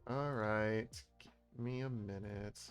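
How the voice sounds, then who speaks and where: A man's voice: lowish voice, steady tone, takes it slowly. A man streaming casually, talking in a playful, mock-exasperated way with sighing asides. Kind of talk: casual livestream commentary. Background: faint background music.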